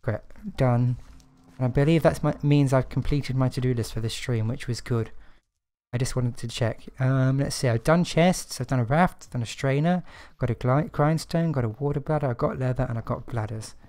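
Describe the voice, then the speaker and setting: A man's voice: mid-range voice, normal speed, a little mellow. A man streaming a game, chatting to himself and his viewers in a casual, self-deprecating way. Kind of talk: casual gameplay commentary.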